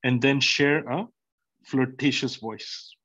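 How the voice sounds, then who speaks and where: A man's voice: mid-range voice, steady tone, slow, fairly bright tone, dry recording, highs cut off. A man hosting a live online community address, rambling with many fillers and speaking straight to his listeners. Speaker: company host presenting a product.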